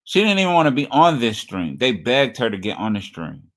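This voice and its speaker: A man's voice: medium pitch, very animated, fairly quick, a bit bright. A man giving sarcastic, taunting reaction commentary on a livestream clip. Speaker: stream commentator.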